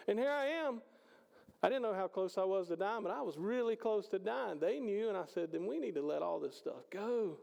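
Male preacher, high and gravelly, conversational sermon, long hall echo. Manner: conversational preaching, swings between loud and hushed. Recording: hall reverb.

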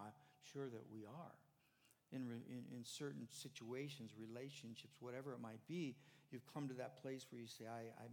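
Older male pastor preaching in a reverberant hall. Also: mid-range voice. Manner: conversational preaching, rising to emphatic then dropping soft. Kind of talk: sermon.

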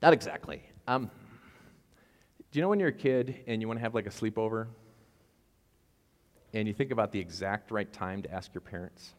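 A man's voice: lowish voice, normal speed, long pauses, big-room sound. A man preaching a conversational sermon, telling the story with casual asides and jokes. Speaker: pastor.

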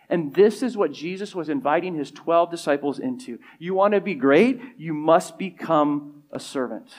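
A man's voice: on the high side, normal speed, few pauses. Man preaching a conversational sermon. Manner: conversational, acts out the disciples' voices; shifts between loud emphasis and soft, quiet lines. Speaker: pastor.

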